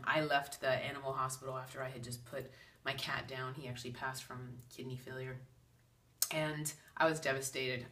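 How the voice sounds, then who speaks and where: A woman with a low voice gives a chatty, animated spiritual talk as a medium. She acts out the voices she quotes. Her voice sits a little distant from the microphone. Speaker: psychic medium. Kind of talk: casual spiritual talk to camera.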